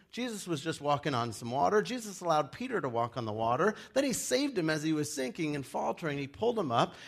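A man who is a pastor, preaching a casual, joking sermon in a church and acting out the people he quotes. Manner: chatty and joking, acts out quoted people in loud high voices.

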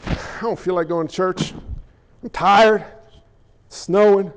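A man voicing a grumbling churchgoer who mutters excuses for staying home from church, in a lower, quieter and quicker voice than his own. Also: in a large hall.

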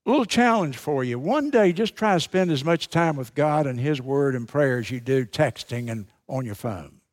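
A male pastor preaching a sermon with emphatic, dramatic pauses, repeating key phrases for effect. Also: medium pitch, animated.

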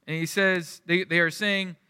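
A man's voice: high voice, fairly even intonation, normal speed, pushed and bright, clean tone, clean studio sound. A middle-aged man preaching a sermon as pastor in a church, in a conversational way that keeps checking in with the congregation. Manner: conversational, asks the room "right?". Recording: long hall reverb.

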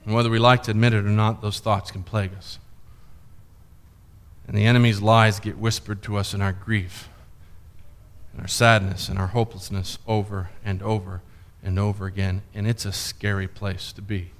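A man preaching a sermon, dramatically voicing a grieving father's imagined thoughts and swinging between pleading and hushed tones. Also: fairly low pitch, level tone, moderate pace. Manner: dramatic, voices imagined inner thoughts with rising intensity. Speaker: pastor.

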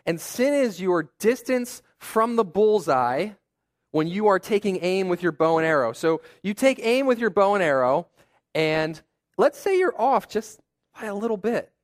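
A man's voice: sits high, very animated, a little slow. A young adult man giving a sermon as a pastor, talking in a conversational, self-deprecating way with personal stories and asides.

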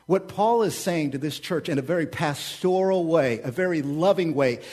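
A pastor preaches in a fairly high voice, a man who urges his listeners on with repeated refrains. He climbs into loud, pressing calls, then drops to quiet, personal asides. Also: moderate pace. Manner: emphatic, swings between loud exhortation and quiet asides. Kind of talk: sermon.

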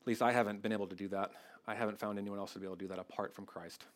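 A man's voice: on the low side, steady tone, rapid-fire. A man preaching a sermon, earnest and conversational, often restarting his phrases and growing emotional. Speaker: pastor.

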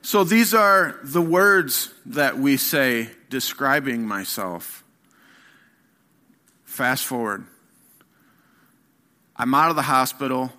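A middle-aged man preaching a candid personal testimony, his voice bright and forward. He tells the story haltingly, full of fillers and restarts, earnest and unpolished. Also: medium pitch, expressive. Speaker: guest speaker.

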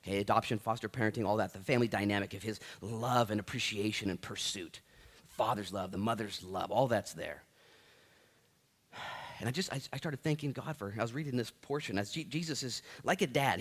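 A man's voice: lowish voice, breathy edge. A man in his thirties preaching a sermon as pastor, joking and self-deprecating, with many restarts.

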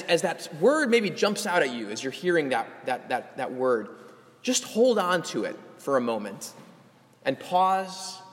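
A male pastor closing a sermon with practical teaching, gentle and earnest, often restarting his phrases. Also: on the high side, big-room sound.

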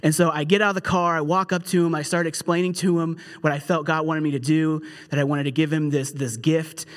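A young adult man preaching a sermon in a conversational, storytelling way, with animated asides. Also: a little high, a little fast. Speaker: pastor.

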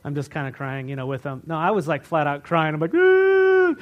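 A male pastor preaching a sermon in a conversational storytelling way, dropping to near-whispers and rising to loud, emotional bursts. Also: on the high side, steady tone, fast, phone-quality sound. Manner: conversational storytelling with many restarts, swinging from hushed to loud.

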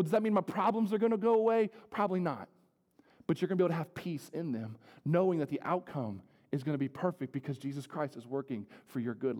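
Male pastor, fervent sermon delivery, lightly raised pitch, church hall reverb. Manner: preaching with wide swings from loud to hushed. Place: church sanctuary.

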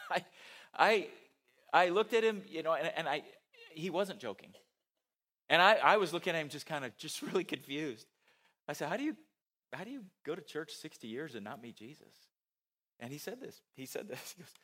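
A man preaching a sermon in a conversational way, telling a personal story with animated delivery and small laughs. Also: a little high, moderate pace, long pauses. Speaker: pastor.

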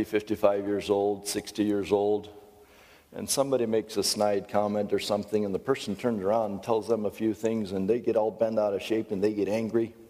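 Deep-voiced man preaching in an echoey hall. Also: mellow. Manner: folksy, conversational preaching with storytelling asides. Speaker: pastor. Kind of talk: sermon.

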